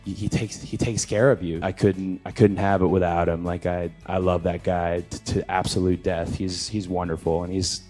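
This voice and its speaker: Man in an interview talking from the heart, kinda low voice, light music behind. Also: flat delivery, moderate pace, hardly any pauses, dark tone. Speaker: wrestler in an interview. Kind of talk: casual interview talk.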